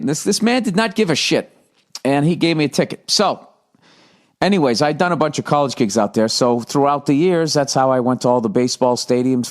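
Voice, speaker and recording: A man's voice: lowish voice, a little mellow. Profane, rambling middle-aged man. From United States. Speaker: podcast host. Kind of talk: casual monologue.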